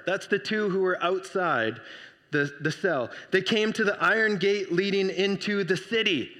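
A man preaching a sermon, telling the story with lively energy and acting out the voices. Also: high-pitched, measured pace, big-room sound. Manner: animated storytelling, acts out voices. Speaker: pastor.

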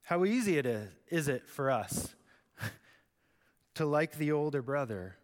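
A man preaching a sermon in an expressive, conversational way. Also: a little high, slow. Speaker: pastor. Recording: echoey hall.

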